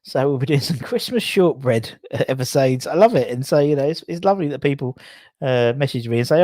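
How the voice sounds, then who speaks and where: A man's voice: medium pitch, lively intonation, brisk, mellow, no room sound, clean studio sound. A man hosting a rambling, self-mocking casual chat from home, full of fillers and restarts. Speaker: host of a chat stream. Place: home room, in a swivel chair.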